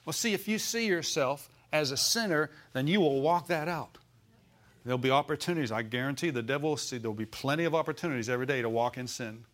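A man preaching a sermon to his congregation in an easy, folksy way. His voice sits in a middle pitch, and he asks for amens and has the room repeat lines back to him. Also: quick pace, fairly bright tone. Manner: preaching with call-and-response, folksy phrasing. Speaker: pastor.

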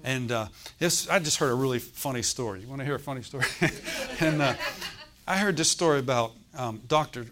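Male preacher, sermon, joking, conversational, laughing, mid-pitched voice. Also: brisk. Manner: builds to loud exhortation.

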